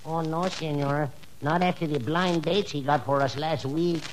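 A man's voice: on the high side, normal speed, natural voice, rough recording. A man playing a wisecracking male house servant with a Spanish accent, in 1940s radio comedy style. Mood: deadpan. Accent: Spanish-accented English. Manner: deadpan punchline delivery. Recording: old radio broadcast with loud hiss.

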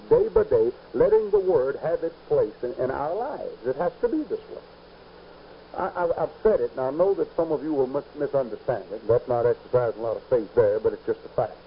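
A man preaching a sermon, emphatic and rising to loud peaks on key points. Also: mid-range voice, vocal fry. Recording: dull lo-fi recording with faint hiss.

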